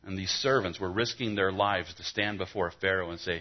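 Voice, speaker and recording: A man's voice: sits low, a little fast, lo-fi sound. A male pastor giving an expository sermon in a conversational style, often restarting his phrases. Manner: conversational preaching with frequent restarts.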